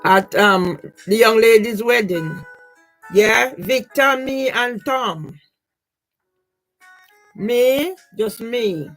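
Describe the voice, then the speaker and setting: A rough recording with soft background music captures an older woman, a vlogger, whose high-leaning voice is very slow with long pauses. She rambles casually through her personal photos in a grieving, aggrieved way, repeatedly asking the listener "yeah?"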